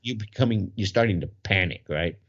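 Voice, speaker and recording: A man's voice: deep voice, fairly quick, a bit bright, slightly rough. A middle-aged man hosting a podcast, animatedly telling a story and laughing as he goes. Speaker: podcast co-host. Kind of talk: casual storytelling. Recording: muffled lo-fi recording.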